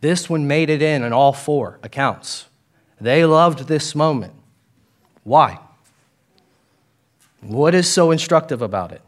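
A man's voice: a little high, animated. Male pastor, casual conversational sermon delivery with playful asides. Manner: conversational, voices the disciples in quick asides.

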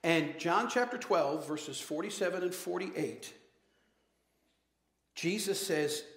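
A pastor delivers a passionate sermon in a fairly high voice, firing off rhetorical questions and calling out to his congregation. His voice rings through an echoey church hall. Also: lively intonation, slow, a bit bright.

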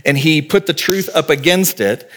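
A man's voice: on the high side, lively intonation, normal speed, a bit bright, slight background noise. A man in his forties, a pastor giving a sermon in a conversational, earnest way, telling vivid stories and speaking plainly to the congregation.

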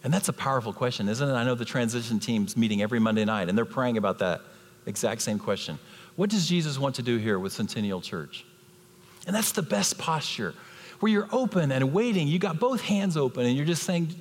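A man preaching a sermon as a guest speaker in a church, animated, acting out the people he quotes. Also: mid-range voice, fairly quick, long reverb tail. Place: church sanctuary.

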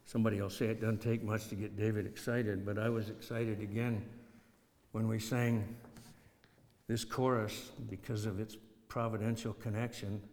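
A man's voice: on the low side, flat delivery, moderate pace, a little mellow. A man preaching an expository sermon, reading scripture aloud and repeating phrases for emphasis. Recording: long hall reverb.

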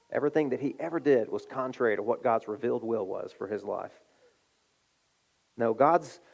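A middle-aged man preaching a sermon, telling a story with animated delivery and acting out the voices. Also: mid-range voice. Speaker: pastor.

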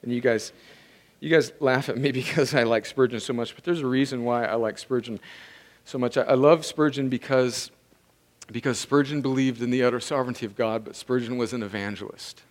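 A man's voice: mid-range voice, fairly even intonation, a little fast. Intense man preaching a sermon. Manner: intense, building to impassioned shouting. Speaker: pastor.

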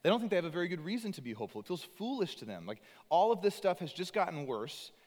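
Fast-talking preacher in an echoey hall. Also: male voice, high voice. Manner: animated storyteller, conversational. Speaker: pastor. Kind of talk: sermon.

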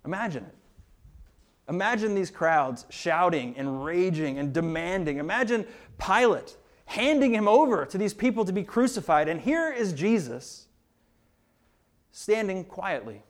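A man's voice: sits high, big pitch swings, normal speed. A male pastor preaching a sermon in an earnest, emphatic way, often repeating words as he builds a point.

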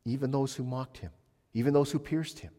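A man's voice: medium pitch, steady tone, brisk. Emphatic male preacher in a reverberant hall. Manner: emphatic preaching, swinging from loud to hushed. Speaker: pastor. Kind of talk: sermon. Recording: long reverb of a large hall.

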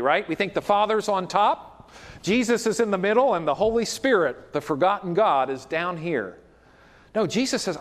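A man's voice: high voice, a bit bright, big-room sound. A man preaching a sermon as pastor, in a conversational way with frequent asides to the congregation.

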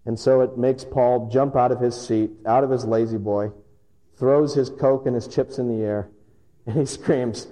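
A male pastor preaching a sermon, telling stories with emphatic pauses. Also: mid-range voice, warm tone, low-quality recording. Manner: storytelling, emphatic with dramatic pauses.

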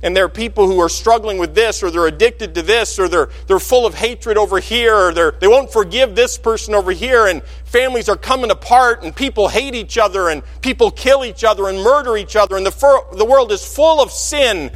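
A man preaching a sermon in a church sanctuary, his voice sitting high for a man. He tells the story with animation and acts out the voices he quotes. A long reverb from the hall hangs behind every phrase. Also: fairly quick, few pauses, a bit bright. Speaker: pastor.

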